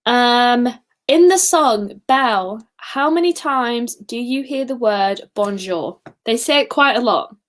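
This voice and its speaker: A woman's voice: a little high, lively intonation, slow pace. A woman hosting a casual live-stream quiz, chatty and giggly, sometimes singing short snippets. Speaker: quiz host.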